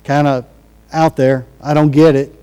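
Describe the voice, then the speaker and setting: Higher-voiced man preaching in a reverberant hall. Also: little pitch movement, a little slow, mellow, clear, resonant tone. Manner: conversational, restarts and acted-out quotes. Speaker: pastor. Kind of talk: sermon.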